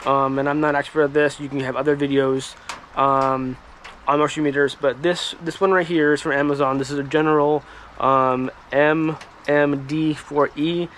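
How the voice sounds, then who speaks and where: A man hosting a firewood channel, talking casually to camera outdoors in halting speech full of ums and restarts. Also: fairly high pitch, little pitch movement, a bit bright. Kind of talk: casual vlog talk to camera. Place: outdoors by a woodpile, rain and traffic nearby. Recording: light rain and road noise behind.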